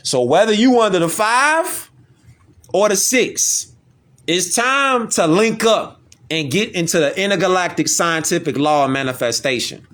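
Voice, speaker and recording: An online commentator with a high, slightly bright, animated voice delivers a casual, slangy streetwise monologue. He talks a little slowly with frequent pauses, repeating himself and firing off rhetorical questions.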